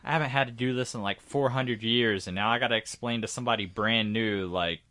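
Male podcast co-host, relaxed and reflective, thinks aloud with hesitations. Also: mid-range voice, brisk. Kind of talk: casual chat.

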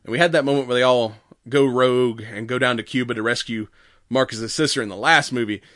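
A man's voice: mid-range voice, brisk, no echo. Guy on a podcast retelling a movie scene by scene, laughing a lot, dry close sound. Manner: animated storytelling, acts out quotes, laughs often. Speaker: podcast co-host. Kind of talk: casual movie recap chat.

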